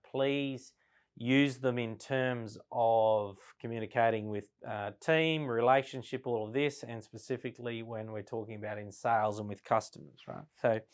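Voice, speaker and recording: A man's voice: medium pitch, smooth. Conversational male sales trainer lecturing. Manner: conversational, frequent "right?" tag questions; slows down and varies volume to demonstrate tone. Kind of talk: classroom lecture at a flip chart.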